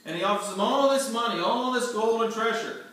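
A man retells a scripture story with lively, animated delivery and questions to the group. His voice is a bit higher than most men's. The room echoes heavily and the mic sits far off, with faint noise behind. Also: a little fast. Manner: animated, acts out scenes, quizzes listeners. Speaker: Bible teacher. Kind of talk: storytelling Bible lesson.

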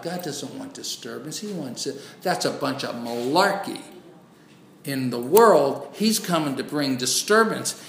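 A man preaching a sermon emphatically, swinging between loud declarations and hushed asides. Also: fairly high pitch, creaky, a little hiss or hum. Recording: roomy echo.

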